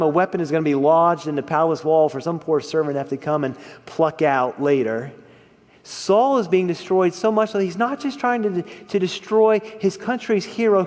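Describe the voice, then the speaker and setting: A man preaches in a high register, leaning hard into key words and then falling quiet. The sermon rings out with long reverb, as in a church hall. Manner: expressive, rises and drops in volume for emphasis.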